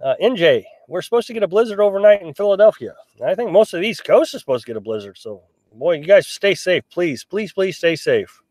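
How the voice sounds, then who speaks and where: A man's voice: high voice, very animated, quick pace, hardly any pauses, a little mellow, no room sound. Chatty middle-aged man, dry sound. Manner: chatty, rambling, many restarts and fillers. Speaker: live-stream host reading viewer comments. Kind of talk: casual live-stream chat. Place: in a small pop-up camper.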